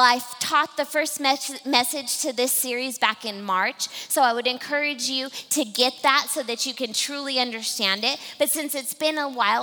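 A woman preaching a sermon to a live congregation, talking fast and addressing the listeners directly. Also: fairly high pitch, sharp tone. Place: church hall with a live congregation. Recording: long hall reverb.

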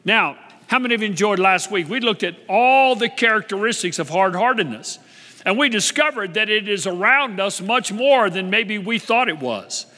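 A man's voice: high voice, expressive, normal speed, pushed and bright. A man preaching a sermon as pastor, repeating his key phrases and asking the congregation to answer him. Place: church. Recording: long hall reverb.

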